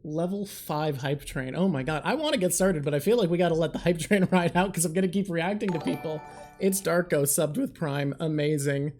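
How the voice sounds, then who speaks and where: A woman hosting a live stream in casual chat, excitable, swearing, and talking in rushed bursts while thanking viewers. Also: low-pitched, soft background music. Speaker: livestream host.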